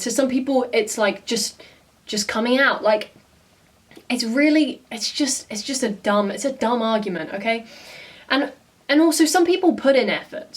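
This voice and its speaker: A woman's voice: a little high, far from the mic. Blunt, exasperated woman vlogger. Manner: exasperated, blunt, swears freely. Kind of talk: casual reaction commentary.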